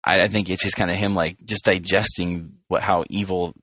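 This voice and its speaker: A man's voice: low voice, level tone, fairly quick, a bit bright, no echo. A man co-hosting a casual book discussion podcast, easygoing and chatty. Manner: easygoing, laughs often, restarts.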